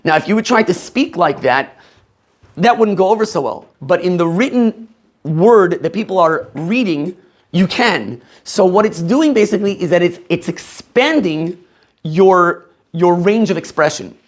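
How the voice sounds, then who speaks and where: A man from Maryland, USA, teaching a class of rabbinical students in a lively, questioning way, laughing often. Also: sits high, unhurried.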